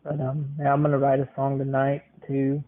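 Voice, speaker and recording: A man's voice: medium pitch, monotone, moderate pace. A man hosting a podcast, rambling casually, repeating words and leaning on fillers. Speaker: podcast host. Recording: tinny phone-line sound.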